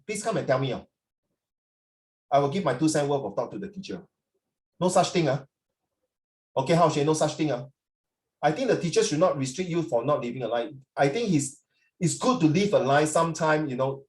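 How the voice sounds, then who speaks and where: Chatty Singaporean man tutoring online. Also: a little high. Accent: Singaporean English. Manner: chatty, lively, mixing in Chinese phrases. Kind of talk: online class feedback. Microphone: computer mic on a video call. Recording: echoey room.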